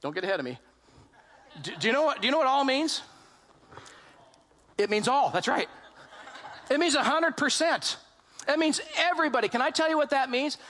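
Lively high-voiced preacher man. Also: a little fast, long pauses. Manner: animated storytelling, asks the congregation questions; acts out quoted voices in his retelling. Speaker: pastor. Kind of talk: sermon.

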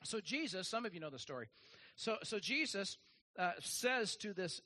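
Guy preaching a sermon, high ringing voice, chatty and jokey, lots of restarts. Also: big pitch swings, normal speed, pushed and bright. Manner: folksy, joking, with many restarts and fillers. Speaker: pastor.

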